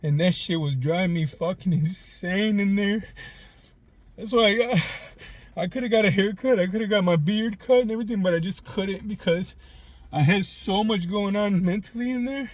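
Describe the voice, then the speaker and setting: A man's voice: sits high, moderate pace, dry recording. Tearful man venting in his car. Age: 40s. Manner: raw, emotional, swears freely. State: tearful, choked up. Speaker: vlog host. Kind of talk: personal confessional vlog. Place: inside a parked car.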